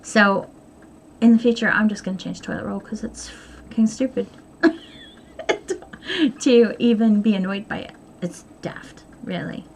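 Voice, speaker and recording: A woman's voice: mid-range voice, fairly even intonation, unhurried, pauses often. Lady in her sewing room just rambling on, honest and a bit self-mocking, regular mid voice, little bit of hiss. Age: middle-aged. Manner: candid, rambling, self-deprecating. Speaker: vlogger. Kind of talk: casual chat.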